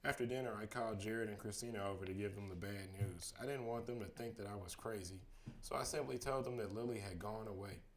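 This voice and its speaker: Dad reading a bedtime story. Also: male voice, on the low side, a little fast, slight background noise. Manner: reads steadily, livens up the quoted lines. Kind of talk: reading a children's book aloud.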